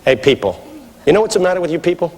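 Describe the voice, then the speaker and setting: A middle-aged man preaching a sermon, swinging from shouted appeals to hushed storytelling. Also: high voice, big pitch swings, racing, long reverb tail.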